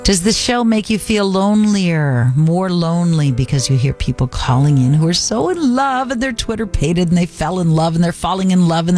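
Female late-night radio host, intimate and earnest, light music bed. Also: lowish voice. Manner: intimate, confiding, gently earnest.

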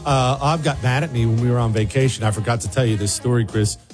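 A man hosting a talk show who tells a digressive travel anecdote to his co-host in a lively way. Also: medium pitch, fast, music in the background. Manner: animated, digressive storyteller.

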